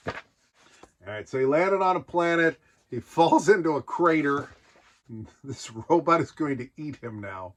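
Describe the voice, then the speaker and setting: A man with a fairly high, very lively voice gives casual, joking commentary on old children's books. His pitch jumps around a lot as he riffs. Now and then he slips into goofy put-on voices. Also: normal speed. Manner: jokey, puts on silly character voices. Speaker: nostalgia show host.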